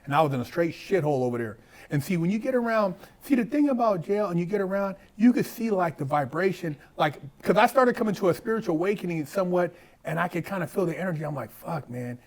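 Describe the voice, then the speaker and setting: A man with a high voice talks as a guest in a casual conversation. His stories are animated and full of swearing. He jumps into other people's lines as he tells them. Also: fast. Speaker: podcast guest.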